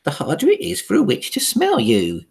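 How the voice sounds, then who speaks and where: A man's voice: high-pitched, wildly swooping pitch, moderate pace, creaky, darkish tone, breathy edge, voice pushed up, full character voice. A man voicing a caring old grandmother in a storybook reading, giving earnest advice.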